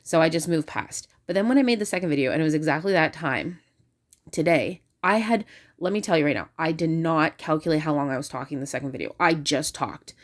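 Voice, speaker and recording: Woman with a slightly low voice, chatty and excitable, recorded on a phone. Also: a little fast. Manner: excitable and talkative, many fillers. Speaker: religious video creator. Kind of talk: casual talk to camera.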